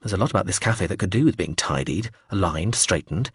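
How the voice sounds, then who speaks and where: A man with a low, husky voice reads a first-person audiobook in a wry, fretful way. His pitch moves a lot, and the recording is dry and close. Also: lively intonation, fairly quick, no room sound. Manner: wry, fretful inner monologue. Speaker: audiobook narrator.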